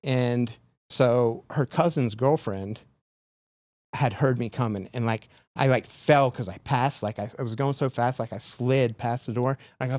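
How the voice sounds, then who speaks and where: A man's voice: medium pitch, measured pace, darkish tone, no echo. A man on a podcast, casually telling a long story full of "like" fillers. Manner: rambling, filler-heavy retelling with lots of "like". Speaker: podcast guest.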